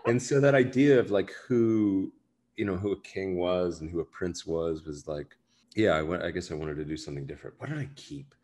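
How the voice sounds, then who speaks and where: An American actor chats casually as an interview guest, rambling, self-deprecating, and filling his talk with fillers. His low-pitched voice is brisk with a darkish tone.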